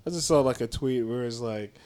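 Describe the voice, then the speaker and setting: A man's voice: medium pitch, fairly quick, a little mellow. A man co-hosting a podcast in casual chat, laughing, swearing a lot and joking around. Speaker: podcast co-host.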